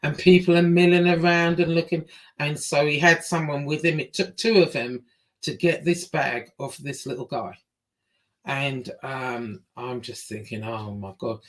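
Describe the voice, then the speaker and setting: English woman, casual storyteller; blunt, swears, acts out the dialogue with lively pitch jumps. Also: a little slow. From England.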